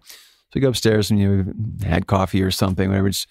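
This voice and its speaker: Low-pitched guy from alaska chatting as a guest, super animated storyteller, dry close sound. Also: fast, creaky, no room sound. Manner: animated storyteller, jumps high when quoting others. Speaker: guest musician. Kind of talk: casual storytelling interview.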